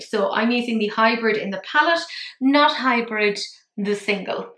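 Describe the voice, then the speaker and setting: A woman's voice: on the high side, sharp tone, reverberant. A woman with an Irish accent, chatting her way through a makeup tutorial in a rambling, self-deprecating manner. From Ireland. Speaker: makeup vlogger.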